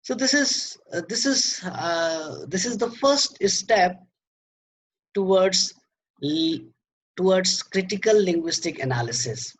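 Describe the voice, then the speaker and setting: A man lecturing on poetry, slow and halting, repeating words and filling pauses as he explains. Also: high-pitched, animated.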